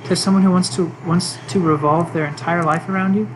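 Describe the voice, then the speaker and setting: A woman voicing an obsessive, intense young woman, reading game dialogue in a slow, intimate, creepy tone. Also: fairly low pitch, fairly even intonation, background noise, natural voice.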